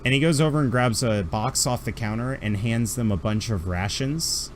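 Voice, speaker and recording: A man's voice: mid-range voice, normal speed, slight background noise. A man narrating a tabletop game as game master, rambling through descriptions with fillers.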